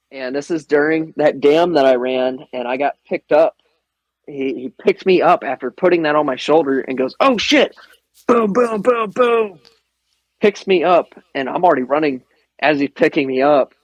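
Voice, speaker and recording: A guest on a podcast, this Midwestern man shares spirited airsoft stories at a moderate pace, his voice fairly high. He laughs a lot and curses liberally, and the dry recording sounds poor.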